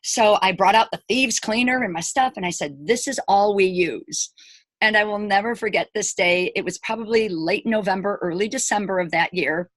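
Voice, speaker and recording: In a dry recording, a mid-range voice runs fairly quickly with few pauses. It belongs to an elementary school teacher in her 40s telling her own story to camera in a chatty way, voicing other people's lines and making emphatic, animated asides to viewers.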